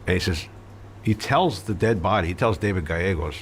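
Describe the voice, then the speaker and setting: Deep-voiced man telling a blunt story. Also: expressive, a little fast, a little hiss or hum. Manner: blunt, matter-of-fact and profane, with frequent fillers. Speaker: interview guest recounting his past. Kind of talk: conversational storytelling.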